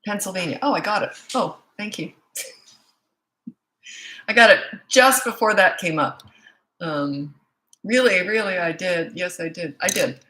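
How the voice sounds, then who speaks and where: A Canadian woman hosts a live-stream parenting Q&A on her own microphone. Her voice sits a little low, and she talks in a chatty, frank way. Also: measured pace, pauses often, sharp tone, poor audio. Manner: chatty and frank, greeting viewers by place. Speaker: parenting coach. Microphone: own set-up microphone.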